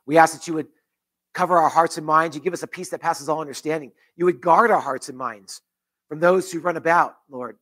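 A man's voice: fairly high pitch, a little fast, a bit bright. A man pastor leading a closing prayer in church, earnest, with repeated phrases and restarts. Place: church sanctuary.

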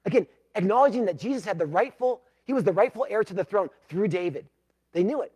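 High-voiced guy preaching a sermon, gets loud then goes real quiet and pleading. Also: lively intonation, fast talker, husky. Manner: emphatic, swinging from loud to hushed. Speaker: pastor.

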